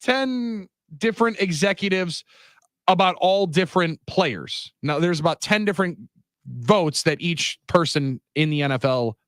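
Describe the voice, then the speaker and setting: A man with a somewhat high voice hosts sports radio, chatting in quick, rambling bursts. The sound is close and dry, straight off a studio microphone. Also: animated, fairly bright tone, dry recording. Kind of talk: casual sports radio talk.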